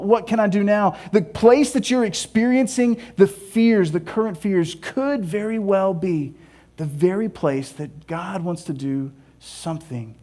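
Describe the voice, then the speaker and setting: A man preaching a sermon in a church, animated and humorous, repeating phrases for emphasis. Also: high-pitched. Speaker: pastor. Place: church sanctuary.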